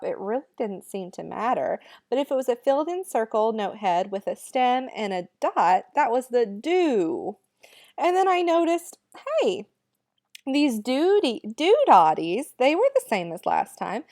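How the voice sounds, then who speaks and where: Woman, music teacher, high-pitched, upbeat, encouraging, chatty. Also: a little mellow. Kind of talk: remote music lesson for children.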